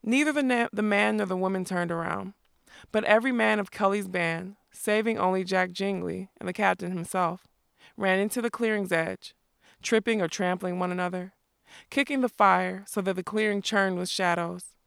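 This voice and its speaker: Gravelly woman reading a fantasy story. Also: mid-range voice, steady tone, no room sound, clean studio sound. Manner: measured, lyrical storytelling. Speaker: narrator. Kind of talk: audiobook narration.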